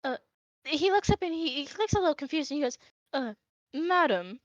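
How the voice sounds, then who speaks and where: High-pitched woman running a tabletop game, halting with fillers, dry close mic. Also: animated, dry recording, lo-fi sound. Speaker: game master.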